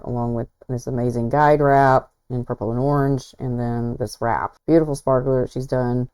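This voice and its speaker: Low-voiced, chatty woman host. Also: mellow, clear, resonant tone, poor audio. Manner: chatty, self-deprecating, admiring. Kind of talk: casual livestream commentary.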